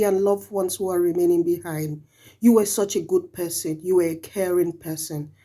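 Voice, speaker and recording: A woman's voice: fairly low pitch, fairly even intonation, moderate pace, mellow. A woman giving a prayerful, tender farewell to a late colleague in a memorial tribute.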